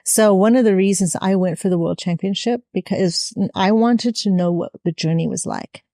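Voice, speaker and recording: A woman's voice: medium pitch, moderate pace, mellow, no echo, studio quality. An American woman guest, a music coach, speaking earnestly and emphatically in casual interview chat. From United States.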